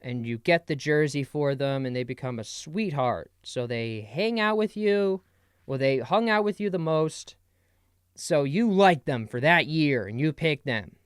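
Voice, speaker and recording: A man's voice: a little high, expressive, measured pace, clean tone, no echo, studio quality. A young man hosting a podcast solo, rambling playfully in a casual comedic monologue. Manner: rambling, playful, jumps between bits. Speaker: podcast host.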